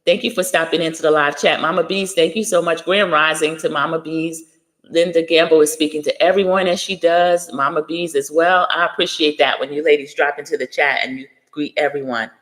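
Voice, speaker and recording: A woman's voice: low-pitched, fairly even intonation, fairly quick, a bit bright, big-room sound. A middle-aged woman hosting a casual livestream, chatting and greeting viewers by name. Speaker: livestream host.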